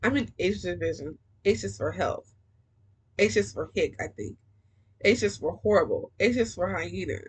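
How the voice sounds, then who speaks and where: A woman reading the lines of a nerdy, awkward man who flirts clumsily, in a husky voice. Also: fairly low pitch, animated, normal speed. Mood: awkward eager.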